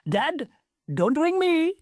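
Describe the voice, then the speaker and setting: A woman's voice: very high-pitched, very animated, slow pace, darkish tone, dry recording, clean studio sound, voice pushed up, full character voice. A woman voicing a brash, boastful young male genie in a storybook. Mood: cocky. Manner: brash, boastful, casual slang.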